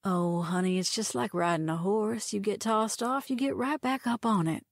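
A woman's voice: medium pitch, normal speed, no echo, close to an everyday voice. A woman reading as a drawling, dry-humored doctor. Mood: wry. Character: dry, self-assured woman doctor and pilot.

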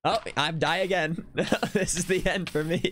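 A man's voice: a little high, fairly even intonation, a little slow, fairly bright tone, a little hiss or hum. A man with a Midwestern American accent, chatting casually while streaming a game. He giggles often and teases himself in a hesitant way. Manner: giggly, self-mocking, hesitant. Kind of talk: casual gaming chat.

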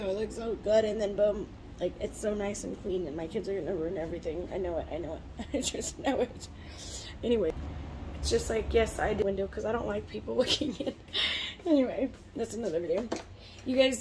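A woman's voice: medium pitch, background noise. A young woman in her twenties chatting casually to camera, rambling with frequent fillers and little laughs. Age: 20s. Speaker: vlogger.

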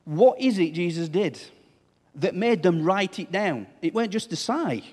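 A man's voice: high-pitched, expressive, normal speed, a little mellow, breathy edge. Man preaching a sermon in a reverberant church. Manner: conversational, asks the congregation questions. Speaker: pastor.

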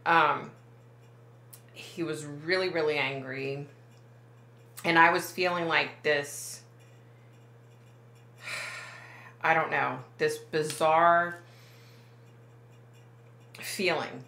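A woman's voice: low voice, steady tone, extremely slow, pauses often, bright, forceful tone, echoey room. A woman working as a psychic medium, talking to camera in a casual, rambling way, often backing up and correcting herself. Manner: rambling, self-correcting, many fillers.

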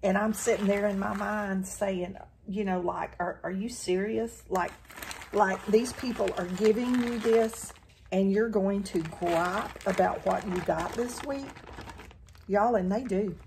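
A woman's voice: mid-range voice, steady tone, a little slow, creaky, background noise. An older woman with a Southern country accent, chatting casually in her home kitchen as she cooks, often saying "y'all". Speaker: cooking vlogger. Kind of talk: casual cooking chat to camera.

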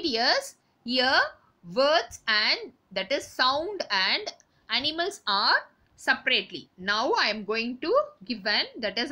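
Bright, lively female teacher, slow and sing-song. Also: on the high side. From India. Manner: slow and sing-song, spells words letter by letter, calls students dears. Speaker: school teacher. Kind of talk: recorded class lesson.

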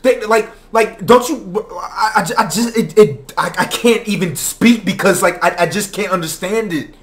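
A young man ranting in a profane, exasperated reaction commentary, now and then breaking into shouts. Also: high voice, moderate pace. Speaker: commentary vlogger.

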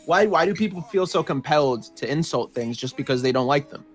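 A man's voice: on the high side, lively intonation, a little fast. A man in casual chat, arguing his opinions on music and laughing often.

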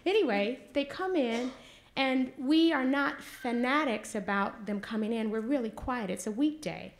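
Gravelly woman telling a story. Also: a little high, a little slow, a little hiss or hum. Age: 40s. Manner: animated, vernacular, acts out quotes loudly. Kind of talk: live stage storytelling. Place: stage before an audience.

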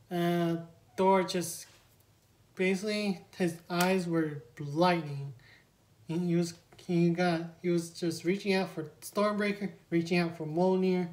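A woman's voice: fairly low pitch, darkish tone. A woman giving a rambling, scene-by-scene spoiler review of a film, acting out quoted lines as she recaps. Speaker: movie reviewer.

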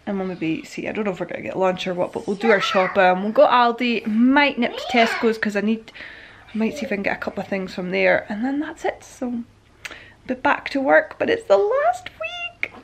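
A woman's voice: medium pitch, a little fast, noisy background. A woman chatting casually to camera at home, rambling on about her plans for the day. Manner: chatty, rambling, drifts between plans and baby talk. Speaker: vlogger and first-time mum. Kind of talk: casual vlog chat to camera. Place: at home indoors.

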